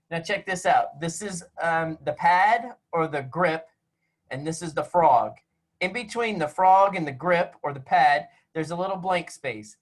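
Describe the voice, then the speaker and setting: A man's voice: high voice, animated, measured pace, a bit bright. A man teaching music to a class of children over a video call from home. He jokes and teases as he gives step-by-step instructions. His voice comes through a laptop microphone. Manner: playful, teasing, joking with young students.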